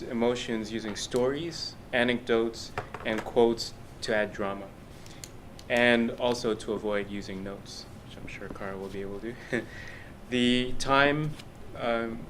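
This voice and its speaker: A man's voice: mid-range voice, slight background noise. A man introducing the next speaker at a club meeting. He reads out the objectives politely and methodically, with small slips. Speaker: speech evaluator.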